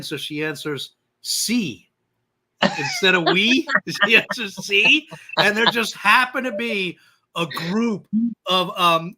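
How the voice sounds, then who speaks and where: Co-host: man, slow deliberate delivery, bright edgy voice, laughs while telling stories. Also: high voice. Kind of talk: casual storytelling.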